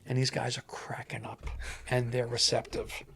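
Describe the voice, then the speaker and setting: A man, a stuntman guest, telling animated on-set stories and acting out the voices of the people in them. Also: mid-range voice, normal speed, vocal fry, breathy edge. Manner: animated, acts out voices in anecdotes. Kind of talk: animated storytelling.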